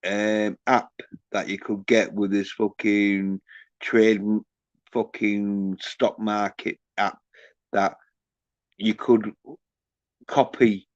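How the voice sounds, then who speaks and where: A man's voice: lowish voice, little pitch movement, slow, pauses often, no room sound. A man hosting a livestream, ranting crudely and mockingly while reading out the chat. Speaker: livestream host. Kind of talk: casual livestream rant. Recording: dull lo-fi stream audio.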